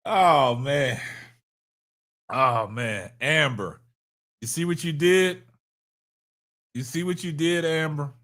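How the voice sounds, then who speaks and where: A man's voice: on the high side, takes it slowly, long pauses, a bit bright. A man hosting a live stream, laughing hard and whooping between casual remarks to his chat. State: laughing to tears. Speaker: livestream host.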